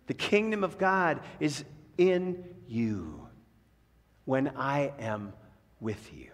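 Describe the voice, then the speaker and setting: A man's voice: sing-song, slow pace. Man, pastor, emphatic sermon, long church reverb. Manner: emphatic preaching, rising on key phrases and dropping low to close thoughts. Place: church sanctuary.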